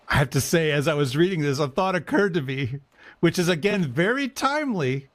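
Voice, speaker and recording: A man's voice: fairly high pitch, animated, fairly quick. A man co-hosting a casual discussion, reading verse passages aloud with rising emphasis. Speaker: podcast co-host, priest.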